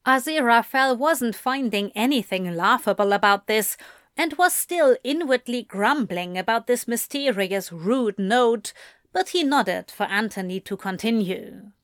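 Slow, unhurried woman narrator. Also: fairly high pitch, dry recording, clean studio sound. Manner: even, unhurried storytelling. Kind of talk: reading fan fiction aloud.

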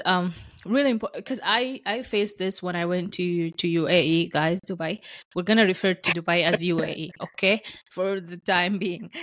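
Low-voiced woman hosting a podcast, halting. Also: a bit bright, no echo. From Sudan. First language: Arabic. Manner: halting, restarts often with fillers. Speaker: podcast host. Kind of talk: casual conversation.

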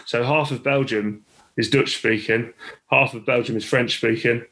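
English male rugby coach guest, chatty storyteller, level and even delivery. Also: mid-range voice, normal speed, creaky, poor audio. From England. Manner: chatty, with many restarts and laughs. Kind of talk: casual interview storytelling.

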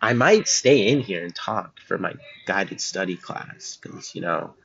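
A man's voice: deep voice, animated, a little slow, creaky, a bit bright, dull audio, a little hiss or hum. Joking teenage boy, rambling. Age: teens. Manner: joking, self-deprecating, goes off on tangents. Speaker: student podcast host. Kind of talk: rambling solo podcast chat. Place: school news recording room.

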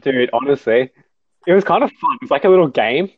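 A man's voice: mid-range voice, animated, fast talker, dry recording. A young man in laid-back casual chat, chuckling and swearing as he shares memories. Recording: dull, dry lo-fi sound.

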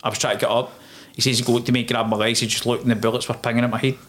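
A man's voice: medium pitch, very fast. Man telling a war story. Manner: animated storyteller, acts out quoted dialogue, swears. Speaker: guest, former soldier. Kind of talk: casual storytelling interview.

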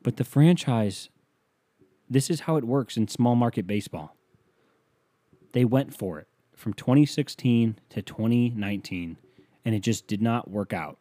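A man's voice: medium pitch, lively intonation, a little slow, mellow, no echo. A man hosting a solo podcast, rambling and swearing casually as he jumps between topics and keeps interrupting himself. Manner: rambling, profane, self-interrupting. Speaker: podcast host.

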